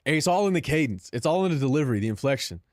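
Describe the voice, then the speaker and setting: A man's voice: medium pitch, sing-song, racing, a little mellow, no room sound, studio quality. A man live streaming in casual chat, talking in slang, calling his viewers "bro" and laughing between lines.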